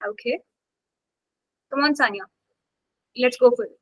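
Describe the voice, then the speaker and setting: A woman's voice: a little high, unhurried, rough recording. A woman instructor teaching an online English class, coaxing students to take part, with many fillers.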